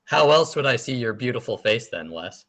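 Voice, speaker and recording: A man's voice: mid-range voice, sing-song, moderate pace, very noisy. A man playing a tabletop game casually, reading out his rolls in a laid-back way. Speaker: player.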